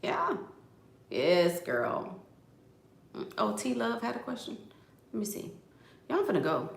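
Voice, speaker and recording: Animated chatty woman, roomy sound. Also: fairly high pitch, a little slow, creaky. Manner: animated, chatty, says "girl" often. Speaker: vlogger. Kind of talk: casual gossip storytelling to viewers.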